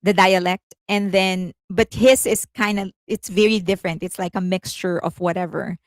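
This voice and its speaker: A woman's voice: medium pitch, fairly even intonation, normal speed, dry recording. A woman hosting casual commentary, chatty, often giggling and correcting herself mid-sentence. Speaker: host.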